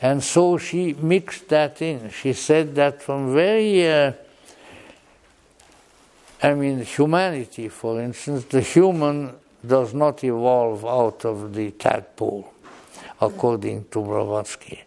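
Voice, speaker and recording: A man giving an unscripted public lecture in a wry, digressive way, with joking asides and halting restarts. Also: mid-range voice, darkish tone.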